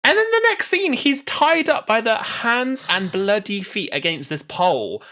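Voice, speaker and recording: A twenty-something podcast co-host with a bright, forward tone. Their pitch moves a lot as they chat casually, full of fillers and quick asides. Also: big pitch swings. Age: 20s.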